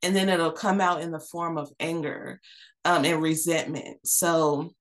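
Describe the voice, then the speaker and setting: A woman's voice: sits low, fairly even intonation, measured pace. A woman in her thirties, a podcast guest, talking earnestly and reflectively with many fillers and restarts. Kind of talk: candid personal conversation.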